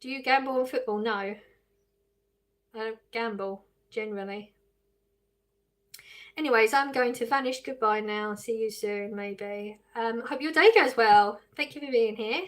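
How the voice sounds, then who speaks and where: Chatty English woman streamer, higher voice. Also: unhurried. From England. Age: adult with children. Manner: reads viewer questions aloud and answers them, laughing often. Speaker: live streamer. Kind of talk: casual live-stream chat.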